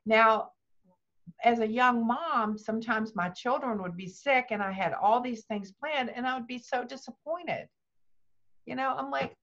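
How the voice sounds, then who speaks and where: A woman's voice: on the high side, measured pace. An older woman, a grandmother, speaking as a guest and telling personal stories, acting out what people said. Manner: lively, acts out quoted dialogue. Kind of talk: personal storytelling interview. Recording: dull lo-fi sound.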